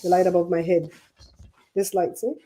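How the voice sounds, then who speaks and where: A middle-aged woman hosting a livestream, chatting casually in an animated, gossipy way with frequent laughs. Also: on the low side, normal speed, slight background noise. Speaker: livestream host.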